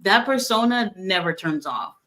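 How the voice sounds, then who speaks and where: A woman's voice: medium pitch, lively intonation, moderate pace, a bit bright. A woman guest on a wrestling talk show, chatting casually and adding her own counterpoints.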